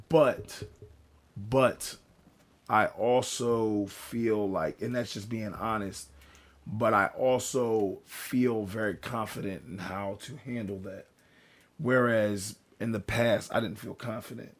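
A man with a hoarse, worn-out voice talking candidly on a casual podcast. He is open and reflective, swears freely and repeats words for emphasis. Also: on the low side. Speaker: podcast co-host.

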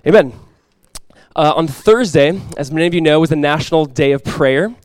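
A man preaching a sermon as pastor, telling a personal story conversationally with light humor, and praying softly and earnestly. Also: a little high, a little fast, clean tone, dry recording.

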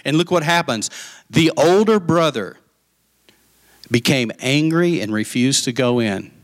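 A man preaching a sermon, retelling a Bible story with lively acted-out voices and asides to the congregation. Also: medium pitch, a little slow. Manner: animated storytelling, acting out voices of the parable. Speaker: pastor.

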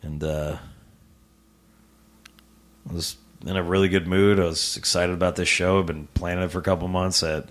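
A comedian from the American Midwest speaks in a very deep, low voice as a podcast guest. He talks casually about his own life, with frequent swearing and halting, repeated starts. He is recorded in a living room. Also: little pitch movement, a bit bright. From Rock Island, US Midwest. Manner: swears often, halting, with stammered restarts. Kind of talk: casual personal storytelling in an interview.

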